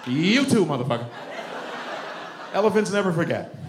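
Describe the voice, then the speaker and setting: A man doing stand-up comedy, profane and animated, jumping into voices. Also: high voice, moderate pace, noisy background.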